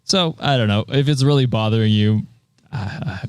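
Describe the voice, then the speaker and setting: Giggly low-voiced male podcaster, dry sound. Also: normal speed, clear, resonant tone, no room sound. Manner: rambling, giggly, many ums and uhs. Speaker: podcast co-host. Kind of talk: casual podcast chat.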